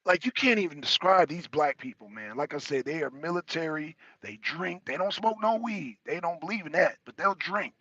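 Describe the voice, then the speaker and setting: A man chatting loosely as a talk show panelist, animated and profane, often laughing and repeating words. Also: on the high side, normal speed, few pauses, breathy edge, highs cut off. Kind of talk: casual chat.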